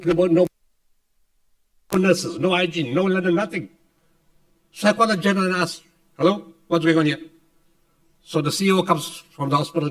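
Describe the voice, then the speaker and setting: A man's voice: fairly high pitch, distant mic, low-quality recording. A South African man giving a speech at a conference, telling a story dramatically and acting out the dialogue with emphasis. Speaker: keynote speaker. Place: conference hall.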